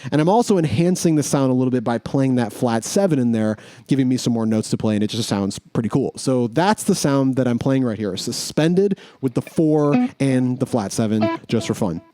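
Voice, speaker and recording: A man teaching guitar in a casual, relaxed way, talking through note names as he demonstrates. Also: mid-range voice, moderate pace, dry recording. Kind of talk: casual instructional explanation.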